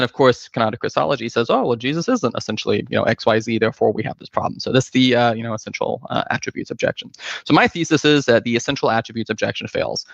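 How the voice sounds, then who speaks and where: A man presenting his book's argument in a casual academic style, talking fast with many fillers and restarts over a video call. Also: medium pitch, a bit bright, no echo, lo-fi sound. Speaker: guest presenter, author.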